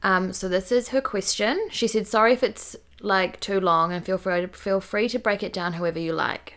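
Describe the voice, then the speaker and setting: A woman's voice: mid-range voice, normal speed. A young woman with a New Zealand accent, co-hosting a casual chat podcast and reading listener questions aloud. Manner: relaxed, chatty, reads listener questions aloud. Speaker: podcast co-host.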